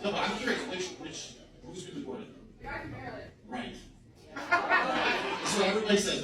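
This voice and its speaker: Guy doing a raunchy standup set, swearing a lot, voice kinda high for a man, noisy live recording. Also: moderate pace, long pauses, a loud crowd. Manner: crude, swearing, mocking. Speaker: stand-up comedian.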